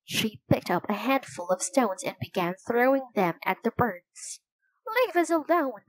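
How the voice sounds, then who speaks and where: A woman narrating a storybook in a calm, even way. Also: medium pitch, measured pace, dry recording. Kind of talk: storybook reading.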